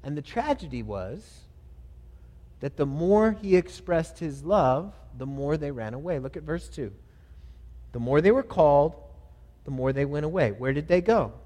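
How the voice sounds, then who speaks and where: A man's voice: on the high side, expressive, measured pace. Earnest male pastor, echoing church. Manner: earnest, reads scripture aloud and leads prayer; builds to louder emphatic phrases, then drops soft. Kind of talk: sermon. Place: church sanctuary. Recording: long hall reverb.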